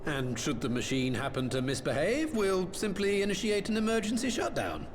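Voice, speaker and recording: An actor playing a confident male engineer in a game cutscene, measured and self-assured. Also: sits high, very animated. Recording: noisy game audio.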